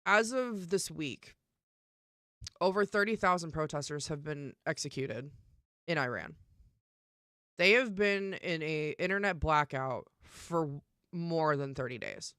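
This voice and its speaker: A young woman streamer talking casually and emphatically, swearing often and filling pauses with "um" and "like". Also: sits low, expressive, fairly bright tone, clean tone, no echo, studio quality. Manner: emphatic and profane, with many fillers. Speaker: live streamer. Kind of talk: casual live-stream rant.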